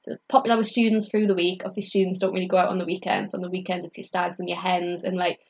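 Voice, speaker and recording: A woman's voice: fairly low pitch, rapid-fire, creaky. Chatty young woman telling stories. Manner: chatty and animated, full of "like" fillers, acts out quoted people; laughs often mid-story. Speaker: comedian guest telling stories. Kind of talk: casual chat, storytelling.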